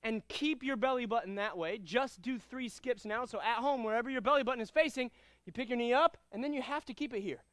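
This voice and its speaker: A high, smooth-voiced man runs a karate class, calling out drills, counts and commands with energy. He explains technique to his students in a clear, commanding way. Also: a little fast, a bit bright, dry recording. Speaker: karate instructor. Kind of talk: martial arts class instruction.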